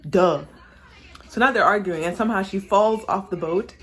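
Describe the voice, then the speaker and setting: A young woman casually recapping a movie on her vlog, sassy and animated, acting out the characters as she talks. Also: mid-range voice, moderate pace, soft background music. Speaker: vlogger reviewing a movie while doing makeup. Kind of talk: casual chat.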